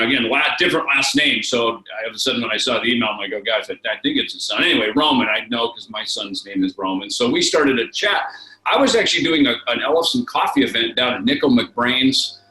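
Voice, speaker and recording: A man's voice: medium pitch, lively intonation, brisk, sharp tone. A man chatting as a guest in a casual interview, rambling through stories with many fillers and restarts over a video call. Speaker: guest musician. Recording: roomy echo.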